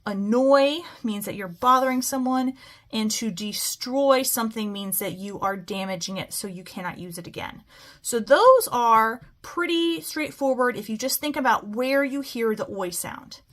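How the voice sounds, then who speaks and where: A woman's voice: on the high side, moderate pace, a bit bright. A woman teaching a phonics lesson, stretching out words sound by sound and often checking in with "okay?". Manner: patient, keeps asking "okay?".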